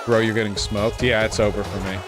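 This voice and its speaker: A man's voice: on the low side, flat delivery, fast talker. An American man chatting casually and joking as he streams a video game. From United States. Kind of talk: casual gameplay commentary. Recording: game music playing behind.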